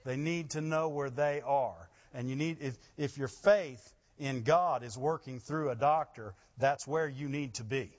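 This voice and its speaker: Animated preaching man, lo-fi. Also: mid-range voice, a little slow, few pauses. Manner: animated, rising to loud emphasis and laughing asides. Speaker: pastor. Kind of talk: sermon.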